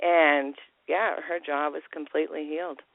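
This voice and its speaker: A man's voice: fairly high pitch, level tone, normal speed, vocal fry, dry recording. A man calling in to tell a personal story over the phone, acting out the voices he quotes and laughing often. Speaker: caller. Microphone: telephone. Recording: tinny phone line.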